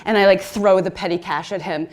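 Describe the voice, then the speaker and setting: A woman in her thirties telling a comic story on stage, excitable and chatty, filling her talk with "like" and laughing through her words. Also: mid-range voice, brisk, background noise. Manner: excitable and chatty, heavy use of "like". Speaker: speaker at a conference talk.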